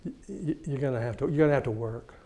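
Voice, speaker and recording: Man telling a lively sermon story. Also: medium pitch, quick pace, creaky. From Texas. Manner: lively storyteller, chuckles often, acts out quoted people.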